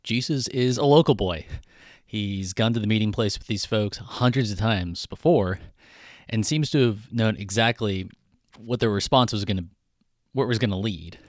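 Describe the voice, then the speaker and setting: A man's voice: lowish voice, normal speed, no room sound, studio quality. A man preaching a conversational sermon in a casual, irreverent way. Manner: casual, irreverent, with frequent fillers and restarts. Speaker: pastor.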